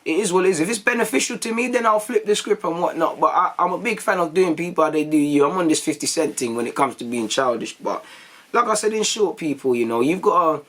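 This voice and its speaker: A man's voice: fairly high pitch, fast talker. Young man. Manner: animated storytelling with slang and acted quotes. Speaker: YouTube vlogger. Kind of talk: casual monologue to viewers.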